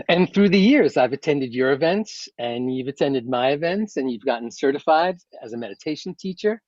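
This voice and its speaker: A man's voice: mid-range voice, lively intonation, normal speed, a little mellow, no room sound. Effusive man on a dull, dry call. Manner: enthusiastic, effusive praise. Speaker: guest. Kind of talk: casual chat on a video call. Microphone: video call.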